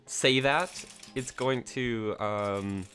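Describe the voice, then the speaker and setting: A man's voice: medium pitch, drawn-out words, fairly bright tone, soft background music. A man hosting a casual livestream, rambling with lots of fillers and self-corrections from a somewhat echoey room at home. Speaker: livestream host.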